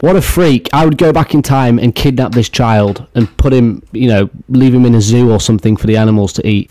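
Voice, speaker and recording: A man's voice: mid-range voice, brisk, hardly any pauses, mellow, no room sound. A young man giving crude, mocking reaction commentary on news clips. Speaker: commentary YouTuber.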